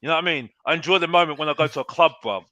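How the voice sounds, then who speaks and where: A man's voice: a little high, very fast, pushed and bright, no echo. A man, arguing and teasing in a heated football podcast chat, saying "bruv" often. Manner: argumentative, teasing, says "bruv" a lot. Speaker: podcast guest. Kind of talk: heated casual banter.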